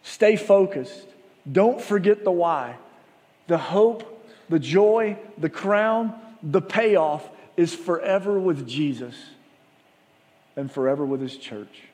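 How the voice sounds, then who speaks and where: A man with a high voice preaches a sermon in an earnest, conversational way. His words ring out with a long reverb, as in a large hall. He acts out the people in his stories. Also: takes it slowly. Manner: earnest, conversational storytelling with animated retold dialogue. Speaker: pastor.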